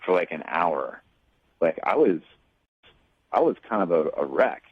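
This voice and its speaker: A man calling in to a radio show, talking haltingly with many restarts. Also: deep voice, big pitch swings, breathy edge, no echo, narrow, tinny audio. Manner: halting, hesitant, lots of restarts. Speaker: caller. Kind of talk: casual radio phone call.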